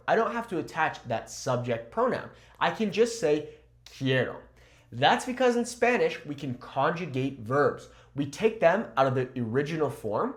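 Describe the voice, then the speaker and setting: Male language teacher, upbeat and animated, slightly high pitch, repeats phrases slowly and checks in often. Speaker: Spanish teacher. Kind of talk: language lesson. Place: Mexico.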